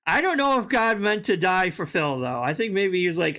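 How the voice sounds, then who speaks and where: A woman giving an indignant, profane reaction commentary, her throat sore from yelling. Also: on the low side, sing-song, a little fast. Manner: profane, indignant, laughing ranting.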